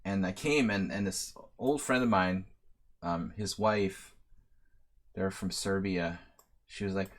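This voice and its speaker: A man's voice: deep voice, a little slow. A man in his late thirties giving rambling, self-deprecating live-stream commentary while playing many chess games at once. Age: 30s. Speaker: chess master giving a simul.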